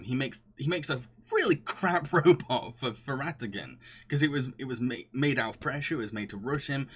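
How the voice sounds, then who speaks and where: A man's voice: medium pitch, a little mellow, husky. A man streaming live, chatting casually and reading viewer comments, often laughing and gushing with frequent restarts.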